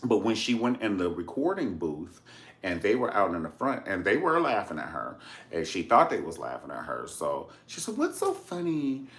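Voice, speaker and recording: A man's voice: deep voice, normal speed. A man giving a sassy, campy video review in casual commentary, calling the listener honey and swearing freely. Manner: animated storyteller, swears casually. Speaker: documentary reviewer, channel host.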